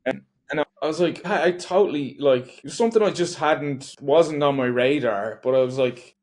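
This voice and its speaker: A man's voice: mid-range voice, moderate pace, a little mellow. A man talking casually on a podcast, rambling through a thought with lots of restarts. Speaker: podcast co-host.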